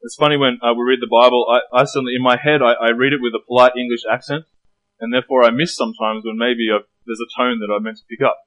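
A man's voice: mid-range voice, fairly even intonation, quick pace, a bit bright, poor audio. Man preaching a conversational sermon. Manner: conversational, poses rhetorical questions.

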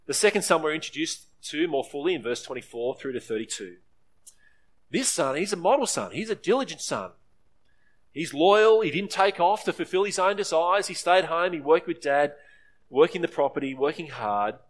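A man's voice: expressive, moderate pace. A man preaching a sermon, earnest, briefly acting out the voices in the story. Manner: earnest preaching, acts out quoted voices with rising pitch. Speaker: pastor.

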